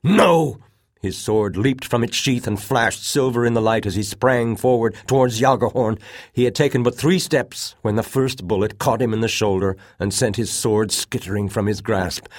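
A man reads an audiobook at a steady, measured pace, his voice on the lower side. The studio recording is clean, with no echo.

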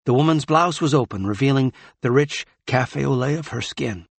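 A man narrating a novel in a measured, grave manner. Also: medium pitch, gravelly, dry recording. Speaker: audiobook narrator. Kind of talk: scripted narration.

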